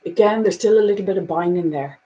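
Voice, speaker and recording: Woman, spiritual card reader, earnest, hushed to emphatic, lots of fillers. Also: lowish voice, fast, dull audio. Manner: earnest, repetitive "you know" fillers; swings between hushed and emphatic. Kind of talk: oracle card reading.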